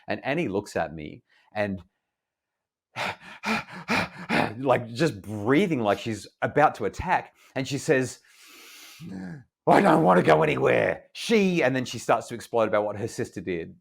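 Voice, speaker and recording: Calm, low-voiced Australian man. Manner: calm, earnest, measured retelling. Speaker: guest, parenting expert. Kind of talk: storytelling in an interview.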